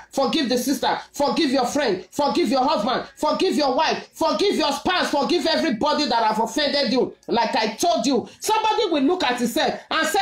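Emphatic Nigerian woman preaching, lively pitch. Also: roomy sound. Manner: emphatic, repetitive exhortation in Pidgin-laced English. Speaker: prophetess preaching. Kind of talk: sermon with testimony.

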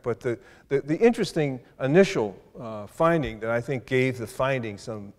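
An older man giving a university lecture, thoughtful, with many restarts and hesitations. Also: medium pitch. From South Side of Chicago. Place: lecture hall. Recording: reverberant lecture hall.

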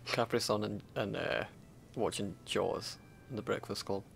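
A man's voice: lowish voice, measured pace, creaky, a little hiss or hum. A young Scottish man chatting casually and joking while playing a video game with a friend. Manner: laid-back, joking asides while playing. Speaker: co-host of a let's play. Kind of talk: casual gaming chat.

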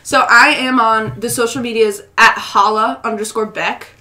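Young woman interview guest, bright, relaxed, giggly. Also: on the high side, normal speed, echoey room, slight background noise. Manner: laid-back, giggly, searching for words. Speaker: guest singer-songwriter. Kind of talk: casual interview chat.

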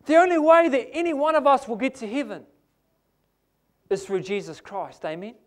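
A man's voice: very high voice, expressive, brisk. A man with a New Zealand accent preaching a sermon in a church, emphatic and asking the congregation "amen?".

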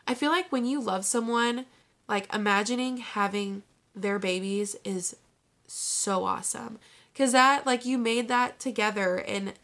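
A woman in her twenties chats to her phone camera for a vlog, bubbly and gushing, saying "like" constantly. Her voice is medium-pitched and a bit bright.

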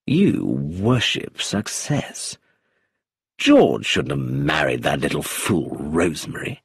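A man's voice: rumbling low, huge pitch swings, takes it slowly, vocal fry, breathy edge, no echo, studio quality, pitched below the performer's own voice, full character voice. A man playing a charming, amused rogue who is cold underneath, drawling and chuckling as he talks in a storybook reading.

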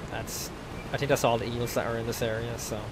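A young man giving excitable let's play commentary, swearing a lot at the game. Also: mid-range voice, brisk, very noisy. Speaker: gaming video host. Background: game music.

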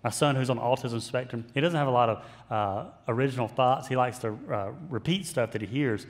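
A man's voice: medium pitch, a little fast, long reverb tail. A male pastor preaching a sermon in a conversational style with self-deprecating humor.

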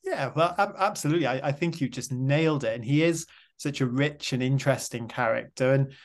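A man's voice: medium pitch, a little fast. A man interviewing a guest, enthusiastic and complimentary, asking long multi-part questions.

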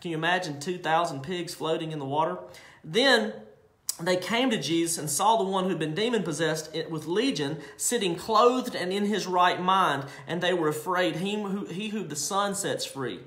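A male preacher giving a sermon, reading scripture in an emphatic, drawn-out way and adding his own asides. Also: high-pitched, a bit bright, roomy sound.

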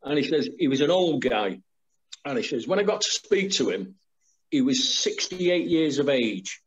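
A man's voice: fairly high pitch, big pitch swings, moderate pace, dull audio. A middle-aged man, an army veteran, telling war stories in plain, dialect-tinged speech over a video call. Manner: plain storytelling with dialect grammar.

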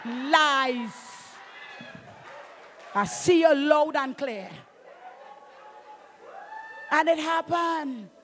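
A middle-aged Trinidadian woman preaches from the pulpit with fervour. She hammers her points home, calls out to the congregation, and rises into shouts as the sermon builds. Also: high voice, extremely slow, pauses often, a faint crowd, slight background noise. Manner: fervent, emphatic preaching with call-outs and bursts of shouting. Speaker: pastor.

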